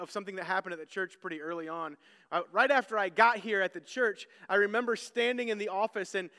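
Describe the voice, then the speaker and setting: A male pastor preaching a sermon in a church, earnest and story-driven, often doubling words as he restarts. His voice is high for a man and comes across smooth and clear. It rings through the sanctuary with a long hall reverb. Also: pushed and bright.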